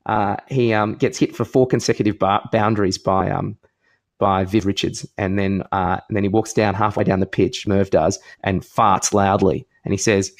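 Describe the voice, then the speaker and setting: A man's voice: fairly low pitch, steady tone, normal speed. A man co-hosting a casual podcast, telling stories with lots of ums, uhs and restarts. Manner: rambling storyteller with many ums and restarts. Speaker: podcast co-host. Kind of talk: casual chat.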